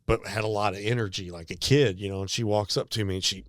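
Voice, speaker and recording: Middle-aged Midwestern podcast co-host, chatty storyteller, dry close sound. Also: male voice, lowish voice, quick pace, no room sound. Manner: animated anecdote teller, acts out quoted voices. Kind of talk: casual storytelling chat.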